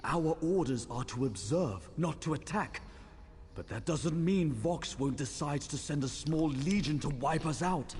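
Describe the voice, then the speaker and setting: An actor playing a stern male soldier officer who gives grave, measured briefings in video game dialogue. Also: fairly high pitch, lively intonation, a little mellow, a little hiss or hum.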